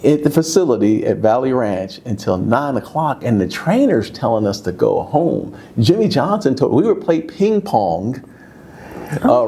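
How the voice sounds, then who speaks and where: Animated man telling locker-room stories. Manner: animated, rises high when excited, casual slang. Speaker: former football player, interview guest. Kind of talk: candid conversational storytelling.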